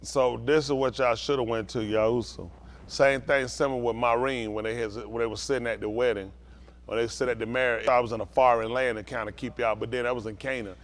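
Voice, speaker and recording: Medium in pitch, steady in tone and a little fast, this man preaches as a pastor. His Bible teaching uses call-and-response, and he regularly checks that the listeners understand.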